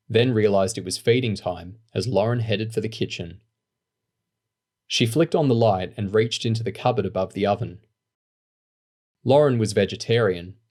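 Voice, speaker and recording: A man narrating an audiobook in a steady, even storytelling manner. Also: on the low side. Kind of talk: scripted narration.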